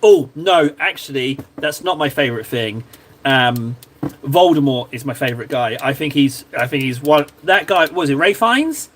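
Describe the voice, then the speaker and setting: Medium-pitched with lively intonation and a moderate pace, the streamer chats casually as he paints miniatures, making fun of himself and wandering off topic. There's a little hiss or hum on the audio.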